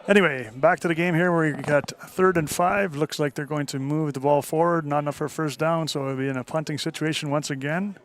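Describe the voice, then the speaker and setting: A man with a Canadian accent giving relaxed, chatty colour commentary at an outdoor football game, with plenty of fillers. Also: fairly high pitch, fast talker, few pauses. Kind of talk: casual sports colour commentary.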